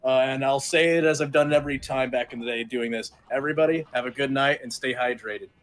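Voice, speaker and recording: A man who is a returning guest on the show, speaking in a quick and friendly way. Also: mid-range voice.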